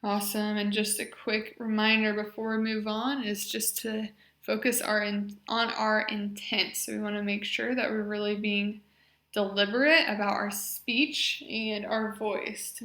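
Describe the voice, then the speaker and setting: A young woman leading a speech exercise class, encouraging and modeling loud, drawn-out vowels and short phrases. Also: medium pitch, flat delivery, roomy sound. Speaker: speech therapy exercise leader.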